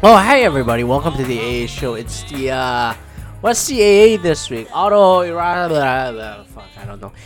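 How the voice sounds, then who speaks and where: A man's voice: mid-range voice, big pitch swings, normal speed, faint music behind. A young man hosting his own podcast in casual solo chat, rambling and swearing, with lots of fillers and restarts. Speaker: podcast host.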